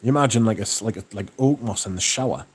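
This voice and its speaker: A man hosting a livestream, chatting casually and reading out viewer comments, relaxed and enthusiastic with plenty of swearing. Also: lowish voice, fast, husky. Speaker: livestream host.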